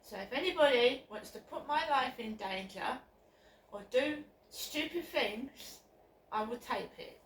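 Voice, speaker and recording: A woman's voice on the high side, animated and unhurried, comes through a phone vlog filmed outside her flats. She speaks in an upset, insistent, repetitive way, recorded from a distance in echoey audio with faint background noise.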